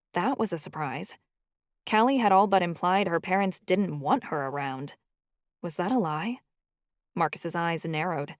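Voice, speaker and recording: Dry, low-voiced woman narrating a story. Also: lively intonation, unhurried, no room sound. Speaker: audiobook narrator. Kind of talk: scripted first-person narration.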